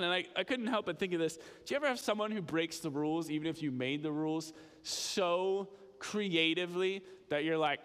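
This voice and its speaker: A man's voice: sits high, animated, moderate pace, fairly bright tone. Young-sounding man preaching in an echoing hall. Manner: conversational, explanatory preaching with small restarts. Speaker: pastor. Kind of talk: sermon.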